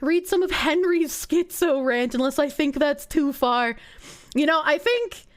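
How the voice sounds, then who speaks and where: A woman's voice: expressive, a little slow. A woman streamer chatting casually with her viewers, giggly and swearing, trailing into rambling tangents. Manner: giggly, swings into high squeals and low mumbles; profane, rambling, reacting to chat. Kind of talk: casual live-stream chat.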